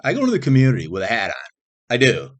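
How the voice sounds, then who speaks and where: A man's voice: medium pitch, wildly swooping pitch, very fast. Man rambling in a profane monologue. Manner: rambling, profane, jumps between topics; frequent restarts and repeated phrases. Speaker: vlogger.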